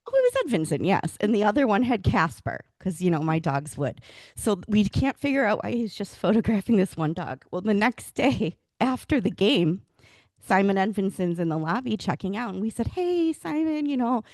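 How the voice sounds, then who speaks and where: A woman with a medium-pitched voice speaks at a moderate pace, with no room sound, as co-host of a hockey podcast. In casual chat she tells stories with animation, acting out what people said.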